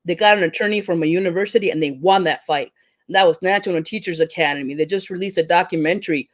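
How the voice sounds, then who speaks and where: Fairly low in pitch and fast, this woman is a teacher speaking as a panel guest. Swearing freely in an impassioned, heated rant, she keeps stumbling and restarting what she says.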